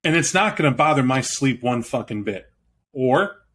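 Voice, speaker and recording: A young man playing his character at a tabletop game, with a menacing, profane, rapid way of making threats. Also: mid-range voice, animated, a bit bright. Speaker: player.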